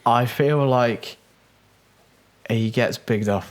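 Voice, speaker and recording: Slow-talking English man, casual podcast chat. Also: medium pitch. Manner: reads out lists, decisive. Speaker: podcast co-host.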